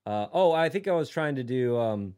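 A man co-hosting a podcast in casual chat, jokey and quick to slip into silly voices. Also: medium pitch, animated, mellow, clean tone. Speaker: podcast co-host.

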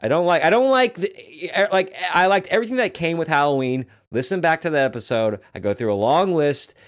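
A man co-hosting a casual podcast chat, animated and joking, swearing casually. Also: fairly high pitch, brisk. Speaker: podcast co-host.

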